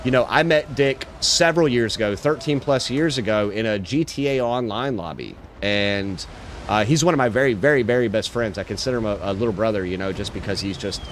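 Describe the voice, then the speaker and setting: A man's voice: mid-range voice, slight background noise. A man livestreaming a game, chatting casually in a laid-back, slangy way with lots of swearing. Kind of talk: casual chat while gaming.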